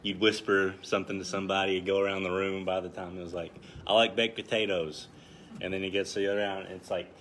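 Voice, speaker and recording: A man in his thirties teaching a Bible passage in a relaxed, conversational way, joking at his own expense. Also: deep voice, rapid-fire, hardly any pauses, a little hiss or hum. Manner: conversational, self-deprecating, chuckles often. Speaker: Bible study leader. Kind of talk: casual Bible study teaching.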